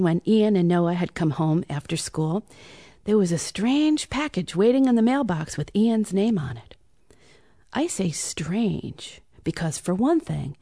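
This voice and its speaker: Woman, bedtime story reading, animated, hushed asides, fairly high and lively voice, dry close sound. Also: breathy edge, no room sound.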